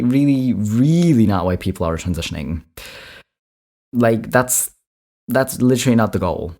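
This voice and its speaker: A man's voice: mid-range voice, a little mellow. A man hosting a reaction video, commenting on clips in a chatty, exasperated way with emphatic repeats.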